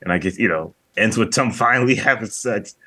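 A man's voice: lowish voice, fairly quick, pushed and bright, breathy edge. A man casually chatting as a podcast co-host, rambling and often repeating his words. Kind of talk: casual movie review chat.

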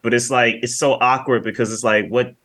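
A man's voice: mid-range voice, little pitch movement, a little fast, fairly bright tone. A man casually chatting as a podcast co-host, rambling and often repeating his words. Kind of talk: casual movie review chat.

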